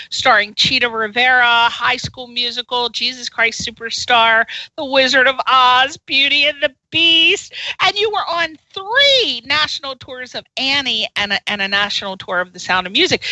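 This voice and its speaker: A woman hosting a radio interview show, animated and gushing, teasing her guest and laughing often. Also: sits high, no room sound, poor audio.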